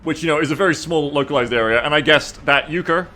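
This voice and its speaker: Guy streaming a game, bright crisp voice, joking around w chat, laughs a lot. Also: fairly high pitch, fast, faint music behind. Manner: playful and teasing, laughs often. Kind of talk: casual live-stream chat, reading chat messages aloud.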